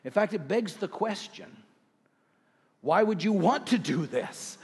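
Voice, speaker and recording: A middle-aged male pastor preaching a sermon to his congregation, earnest, with rhetorical questions and slow scripture readings. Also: high-pitched, animated, breathy edge, big-room sound. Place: church sanctuary.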